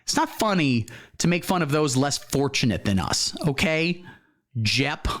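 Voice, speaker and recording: A man hosts a satirical comedy show, reacting in a deadpan, mock-earnest tone while playing naive. His voice sits a little high, and his pitch moves around a lot. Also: a little slow. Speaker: comedy host. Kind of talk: satirical mock-serious commentary.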